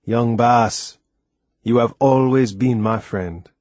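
A man voicing a patient, stubborn old Caribbean man who talks softly and gently in a storybook reading. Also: medium pitch, slow, dry recording. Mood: gentle. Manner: soft, gentle, plain-spoken.

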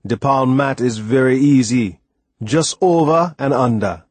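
A man voicing a patient, stubborn old Caribbean man who talks softly and gently in a storybook reading. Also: medium pitch, measured pace, dry recording, lightly acted. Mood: stubborn, coaxing. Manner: soft, gentle, plain-spoken.

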